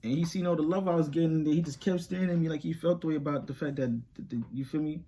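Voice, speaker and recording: A young man, telling a story to camera in animated, slangy street talk and laughing often. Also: fairly high pitch, rapid-fire, a little hiss or hum. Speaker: reaction channel host.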